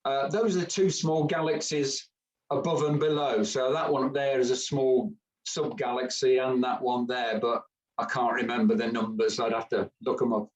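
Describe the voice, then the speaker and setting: A man's voice: mid-range voice, steady tone, normal speed. Chatty man, far from the mic. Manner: chatty, joking, hesitant with fillers. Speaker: camera club presenter. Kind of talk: informal club talk.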